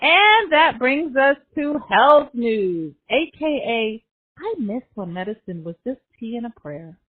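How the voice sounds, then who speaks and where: Woman podcast host, higher voice, sarcastic comic news recap, dry close sound. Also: very animated, takes it slowly, breathy edge, no room sound. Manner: sarcastic, laughs between jokes. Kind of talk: comedic news roundup. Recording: tinny phone-like sound.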